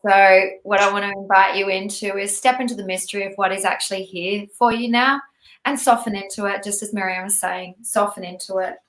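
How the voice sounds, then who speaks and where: A woman co-hosting a live stream from Dubai, reading spiritual cards in a soft, inviting way. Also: medium pitch, level tone, a little fast, reverberant, rough recording. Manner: soft, inviting, with fillers and restarts. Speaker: co-host reading cards for viewers.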